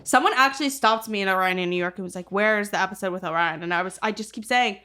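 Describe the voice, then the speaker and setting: A woman's voice: mid-range voice, fast talker, bright, forceful tone. Young woman, podcast co-host, loose rambling chatter full of fillers and cursing. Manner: rambling, heavy use of "like", swears freely. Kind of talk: casual chat.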